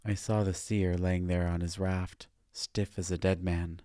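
A man narrating a first-person story in a measured, even reading. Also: low voice, dry recording, clean studio sound.

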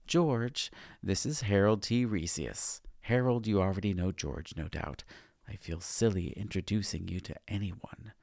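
A man's voice: low voice, a little slow, vocal fry, a little mellow, no echo, studio quality. A man voicing a wry, otherworldly guide who walks on water, speaking in a teasing sing-song.

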